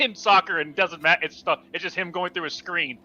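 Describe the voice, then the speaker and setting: A man's voice: high voice, steady tone, fast, bright, forceful tone, lo-fi sound, slight background noise. A man co-hosting a casual sports podcast, bantering and joking emphatically. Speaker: podcast co-host.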